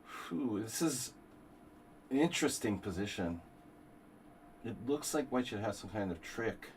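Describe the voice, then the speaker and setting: A man's voice: lowish voice, animated, measured pace, slight background noise, poor audio. A man streaming a chess simul, thinking aloud through moves and bantering with chat in a wry, meandering way. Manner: muttering through move calculations, wry asides. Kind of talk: live chess commentary with chat.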